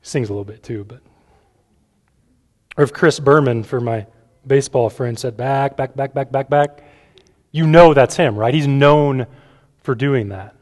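A man's voice: mid-range voice, normal speed, long pauses, a little mellow. A man giving a conversational sermon as a pastor, often checking in with "right?" and repeating words as he talks to a gathered room. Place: church room with a gathered audience. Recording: long hall reverb.

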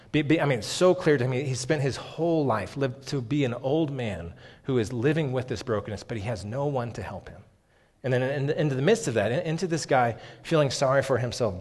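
A man preaching a sermon on a Bible passage in an earnest, emphatic way, often saying "okay", in a church hall. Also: medium pitch. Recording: long hall reverb.

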